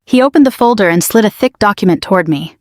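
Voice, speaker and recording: A woman reading a dramatic family story aloud in a steady, scripted narration style. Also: mid-range voice, fast, dry recording, studio quality.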